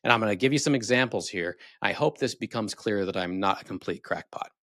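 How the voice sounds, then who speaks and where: Man hosting, sarcastic and critical, lowish voice, dry sound. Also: fairly quick, bright, forceful tone, no room sound. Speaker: video host. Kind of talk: casual commentary.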